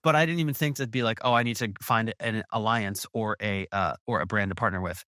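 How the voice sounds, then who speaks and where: Man, podcast host, bright forceful tone, dry close sound, gushing, stumbling over words. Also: lowish voice, a little fast, no room sound. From USA. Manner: enthusiastic, effusive, stumbling restarts. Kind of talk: casual interview chat.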